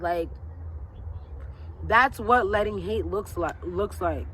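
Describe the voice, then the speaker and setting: A woman talks straight to her viewers in a loose, motivational vlog style. She hammers each point home with repetition and a slightly preachy emphasis. Her voice sits at an ordinary middle pitch, with a faint hiss under it. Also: slow pace, pauses often, fairly bright tone. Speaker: lifestyle vlogger. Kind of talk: casual motivational talk to camera.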